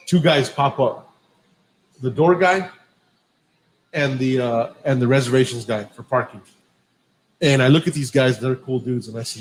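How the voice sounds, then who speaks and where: A man's voice: medium pitch, normal speed, pauses often, slight background noise, rough recording. A man hosting a podcast, telling a long profane story in a casual way and acting out the dialogue. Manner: profane, animated anecdote-telling with quoted dialogue. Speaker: podcast host.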